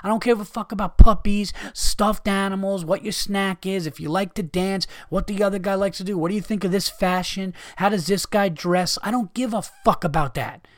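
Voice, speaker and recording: A man's voice: high-pitched, fairly even intonation, normal speed, hardly any pauses, dry recording, studio quality. Profane, exasperated man ranting. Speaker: podcast host. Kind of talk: ranting monologue.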